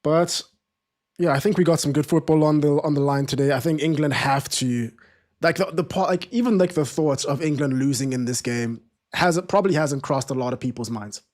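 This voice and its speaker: A man in a slightly higher register than most, talking loosely to his viewers as he hosts a live football watchalong. He rambles, restarts his sentences and pokes fun at himself in a relaxed stream-chat way. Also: brisk. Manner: rambling, self-deprecating, frequent restarts and fillers.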